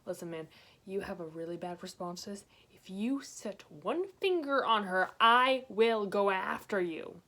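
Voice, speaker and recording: A woman's voice: mid-range voice, animated, unhurried, a bit bright. A woman putting on the voice of a protective young male friend who talks firmly and warns someone off. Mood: stern. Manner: firm, warning.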